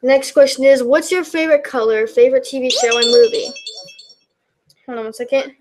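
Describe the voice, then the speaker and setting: High-voiced woman rambling through vlog Q&A. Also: brisk, noisy background. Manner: rambling, many fillers and restarts. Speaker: YouTube backyard wrestling commentator. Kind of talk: casual Q&A vlog, reading and answering questions.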